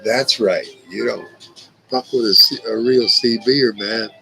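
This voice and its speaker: This Indiana livestream host tells stories to his chat from home, swearing often and cracking himself up as he rambles. He speaks at a measured pace in a fairly low, pushed, bright voice with vocal fry. The rough recording carries soft background music.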